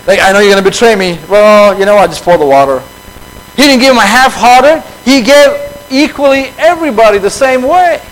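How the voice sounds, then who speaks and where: A man preaching a conversational sermon to his fellowship, switching between quiet reflection and animated acted-out dialogue. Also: fairly high pitch, a little hiss or hum, rough recording.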